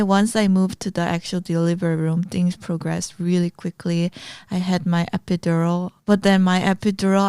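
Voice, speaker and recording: A woman's voice: on the low side, warm tone, clean tone, no room sound, clean studio sound. A woman co-hosting a podcast, recounting events in a matter-of-fact, casual way. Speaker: podcast co-host. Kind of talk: casual chat.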